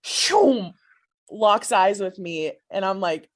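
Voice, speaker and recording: A woman's voice: mid-range voice, normal speed. A woman co-hosting a podcast, gushing through a fan story with lots of giggles. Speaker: podcast co-host. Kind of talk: excited storytelling chat.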